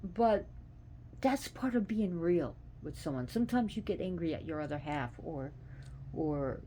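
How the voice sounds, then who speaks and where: Earnest, lower-voiced woman chatting. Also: animated, a little slow, warm tone, slight background noise. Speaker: host. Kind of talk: casual devotional talk.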